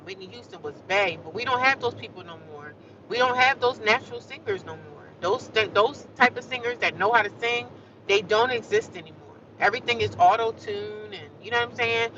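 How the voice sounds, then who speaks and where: A woman's voice: mid-range voice, pushed and bright, recorded from a distance, muffled recording. A woman chatting casually to her livestream viewers, talking straight to them and drifting into bits of song. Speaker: vlogger.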